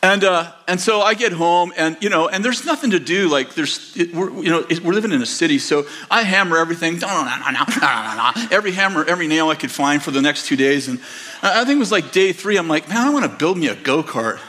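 Older male pastor, sixties, high-pitched, rambling storyteller who acts out quotes in a sermon. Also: animated, fast, sharp tone. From United States. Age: 60s. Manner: rambling, self-correcting anecdotes with acted-out quotes. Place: church auditorium.

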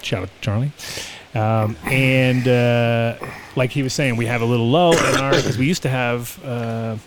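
A man's voice: medium pitch, fairly even intonation, unhurried, background noise. A man hosting a casual podcast chat, joking, laughing often and rambling through stories. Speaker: podcast host.

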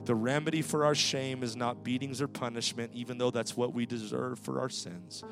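A male pastor preaching a sermon in a church, swinging rhythmically from loud to hushed. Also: mid-range voice, steady tone, normal speed, vocal fry, over music. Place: church sanctuary.

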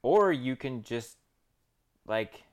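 A man co-hosting a casual cycling podcast, talking in an excitable, hesitant way with lots of ums. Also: medium pitch, takes it slowly, smooth. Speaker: podcast co-host. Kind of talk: casual chat.

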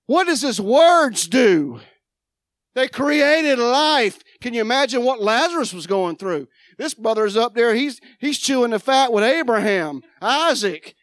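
A woman preacher, giving a dramatic sermon, moving from loud proclaiming to quiet asides. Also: on the high side, expressive, unhurried, no room sound, studio quality. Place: church sanctuary.

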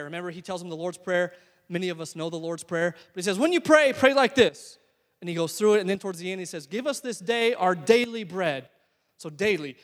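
A man's voice: high voice, fairly bright tone. A man preaching a sermon, conversational and joking, speaking in a church hall. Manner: conversational preaching with humorous asides. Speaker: pastor.

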